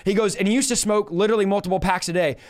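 A man sharing his personal conversion testimony on a live stream, telling it in an animated, earnest way and acting out the dialogue he quotes. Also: high-pitched, very fast. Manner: emotional, earnest.

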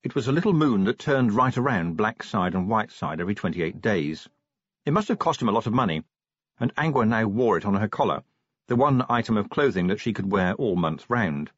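Husky, lively male audiobook narrator. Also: on the low side, brisk, no echo, muffled recording. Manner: wry, lively storytelling. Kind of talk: scripted narration of a novel.

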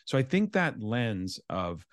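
A man's voice: medium pitch, big pitch swings, slow, no echo, clean studio sound. A man from Canada, an education consultant, explaining his ideas earnestly as a guest in an interview. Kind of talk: interview conversation.

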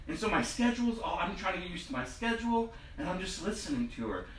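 A man's voice: high-pitched, very animated, fast talker, fairly bright tone, reverberant, distant mic, slight background noise, poor audio. A man preaching a sermon in a conversational, storytelling way. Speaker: pastor.

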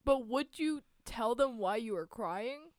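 A woman's voice: a little high, lively intonation, unhurried, dry recording, studio quality. A woman co-hosting, chiming in with teasing, wry remarks. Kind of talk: casual chat.

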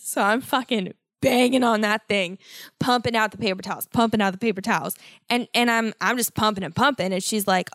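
A young woman hosting a solo podcast, telling a story in an animated, exasperated way with constant swearing. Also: a little high, no room sound, clean studio sound. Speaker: podcast host.

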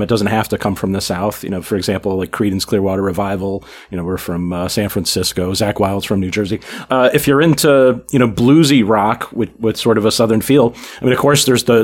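A man co-hosting a music podcast, thoughtful and hesitant, with many fillers. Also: fairly low pitch. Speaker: podcast co-host. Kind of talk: casual chat.

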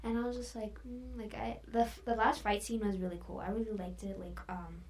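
A woman's voice: medium pitch, level tone, a little fast, darkish tone. A woman guest in a casual chat, talking in a chatty way with many fillers and sometimes dropping to a whisper.

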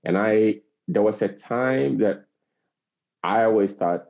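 Speaking slowly in a lowish, gravelly and slightly mellow voice, a man in his forties from Africa talks earnestly as an interview guest. He is passionate and repeats phrases for emphasis, captured on a slightly dull lo-fi recording.

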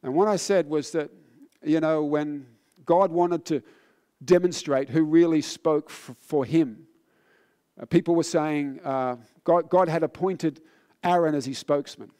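A man preaching with a voice pitched a little high. He speaks earnestly and sounds a little tired. His sermon climbs into fervor and then sinks to low, solemn exhortation. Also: unhurried, mellow, clear, resonant tone. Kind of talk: sermon with personal testimony.

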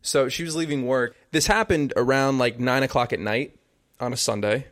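A young man from New Jersey, co-hosting a podcast and telling a story in a loose, profane, animated way. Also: medium pitch, normal speed. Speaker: podcast co-host. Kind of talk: casual chat.

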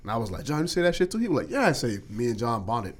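Young man, casual podcast chat, lively pitch, fast talker, slightly high voice, acts out coworkers. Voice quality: animated storyteller, acts out coworkers' lines. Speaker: podcast co-host.

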